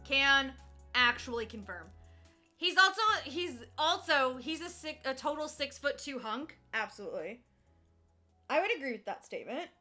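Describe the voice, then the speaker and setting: A woman's voice: high voice, expressive, moderate pace, bright, forceful tone, faint music behind. A young woman streaming casually while cross-stitching, chatty and teasing, swearing freely and laughing often.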